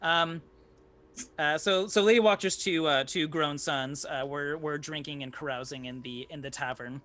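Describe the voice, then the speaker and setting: Rambling man with bright voice. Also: fairly high pitch, normal speed. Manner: rambling, lots of restarts and "like". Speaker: tabletop game player. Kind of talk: casual chat about a game session.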